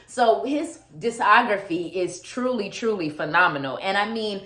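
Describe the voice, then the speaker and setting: A woman vlogging an album review, gushing and animated, often laughing and repeating words for emphasis. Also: mid-range voice, moderate pace, hardly any pauses. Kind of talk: casual excited vlog talk. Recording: echoey room.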